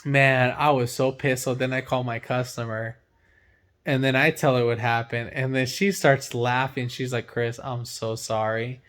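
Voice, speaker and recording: A young man, a mechanic, casually telling a story in loose slang, animated and laughing, with big swings between loud and quiet. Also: medium pitch, moderate pace. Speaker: mechanic and channel host.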